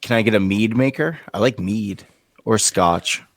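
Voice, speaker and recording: A man's voice: fairly low pitch, measured pace, no room sound, clean studio sound. A man co-hosting a podcast in casual chat, full of joking, crude banter. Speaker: podcast co-host.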